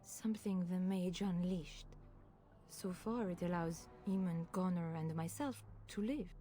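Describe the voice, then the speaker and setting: A woman's voice: on the low side, a little slow, warm tone, close to an everyday voice. An actress playing a frightened noblewoman and mother in a video game, speaking in an anxious, hesitant, pleading way. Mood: fearful.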